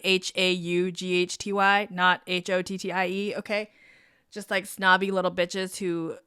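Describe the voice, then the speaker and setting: A woman's voice: bright, forceful tone, clear, resonant tone, dry recording, studio quality. A young woman hosting a casual advice podcast as a career coach, chatty, frank and encouraging, with casual swearing. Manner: mimics listeners in quick high voices.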